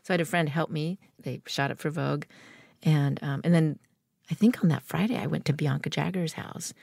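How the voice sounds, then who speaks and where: A woman's voice: deep voice, fairly quick, vocal fry, no room sound, clean studio sound. A middle-aged woman from the United States, telling a long story in an interview and acting out the people in it. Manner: animated storyteller, acts out quoted voices. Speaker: guest.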